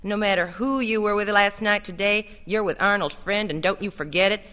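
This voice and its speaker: A woman's voice: medium pitch, brisk, pushed and bright, lightly acted. A woman doing a sing-song mocking older man. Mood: pushy.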